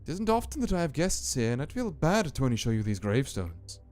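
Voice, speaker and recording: A man voicing a calm, solemn female graveyard keeper with a faint put-on Scottish lilt, speaking slowly and ominously over faint music. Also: mid-range voice, natural voice. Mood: eerie. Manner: slow, deliberate, ominous storytelling.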